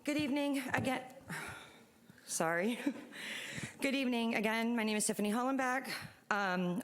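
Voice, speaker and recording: A woman's voice: mid-range voice, a bit bright. A woman speaking as a mother at a city commission meeting's public comment, earnest and struggling to keep her emotions in check, at a podium microphone. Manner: earnest, holding back emotion. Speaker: parent and youth soccer club staff speaking at public comment.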